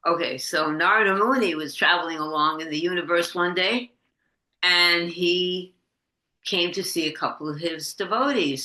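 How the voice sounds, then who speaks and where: Woman leading a class on a video call, bright tense voice, roomy echo, halting, restarts. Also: lowish voice. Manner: halting, restarts often, animated when quoting. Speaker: class leader. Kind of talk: casual storytelling in an online class. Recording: echoey video call audio.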